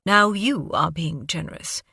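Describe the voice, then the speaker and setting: Woman reading a wry, refined British-accented male scholar, bright tone, dry sound. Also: a little high, unhurried, vocal fry, breathy edge, no echo, heavily acted. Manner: urbane, self-deprecating.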